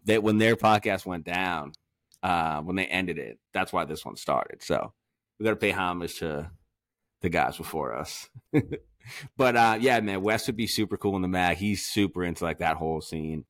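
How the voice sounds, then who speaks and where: A man from Massachusetts hosting a podcast, chatting casually and telling profane, animated stories. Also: sits low, normal speed, gravelly, no room sound, clean studio sound. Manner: profane, animated storytelling with frequent laughs. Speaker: podcast host.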